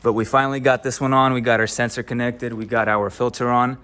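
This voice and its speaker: A man's voice: medium pitch, level tone, fast talker, a bit bright, clean tone. A man casually narrating his car rebuild as he works, keen and explaining each step in a garage. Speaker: car build vlogger. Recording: background music playing.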